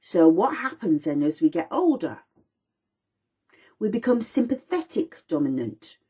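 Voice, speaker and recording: Lively husky-voiced woman teaching. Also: on the low side, measured pace. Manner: animated, acts out voices of mum and baby. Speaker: aromatherapy teacher. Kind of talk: informal lecture.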